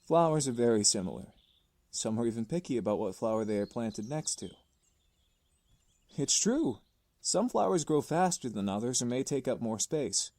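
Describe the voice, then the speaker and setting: An actor playing a gentle, thoughtful young man who tends a garden and muses softly in an unhurried way. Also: mid-range voice, very animated, no room sound. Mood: musing. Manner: soft-spoken, unhurried, musing. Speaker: visual novel character.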